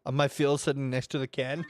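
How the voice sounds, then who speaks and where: A young man with a rambling, exaggerated storytelling manner, chatting casually while playing a game. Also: mid-range voice. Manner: animated storyteller, exaggerated outbursts, rambling asides. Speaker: gaming YouTuber.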